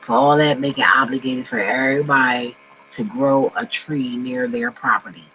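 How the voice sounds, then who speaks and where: A man ranting casually and profanely to his viewers from home, swinging between loud outbursts and low mumbling. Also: fairly even intonation, moderate pace. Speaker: vlogger. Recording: dull lo-fi recording with faint mains hum.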